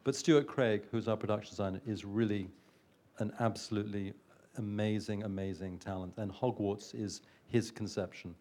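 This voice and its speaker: A man's voice: lowish voice, steady tone, normal speed, mellow. A man who works as a film producer, talking on a panel in a thoughtful, hesitant way with frequent restarts. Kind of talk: panel talk.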